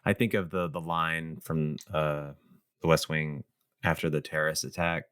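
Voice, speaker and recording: A man's voice: extremely low pitch, flat delivery, normal speed, a bit bright, clear, resonant tone. A man from Texas co-hosting a political podcast, speaking in an emphatic, impassioned way. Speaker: podcast co-host. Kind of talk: casual political chat.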